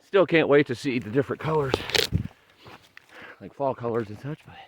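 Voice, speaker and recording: A man's voice: mid-range voice, normal speed, very noisy. A man vlogging on a long-distance hike in a forest, talking in an earnest, emotional, rambling way. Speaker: thru-hiker vlogger. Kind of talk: casual trail vlog. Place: forest trail outdoors.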